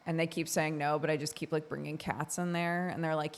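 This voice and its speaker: A woman from Oregon talking casually on a stream, her voice a little on the low side. She rambles in a loose, chatty way, full of fillers and easy laughter. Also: flat delivery, a little fast. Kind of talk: casual chat with chat.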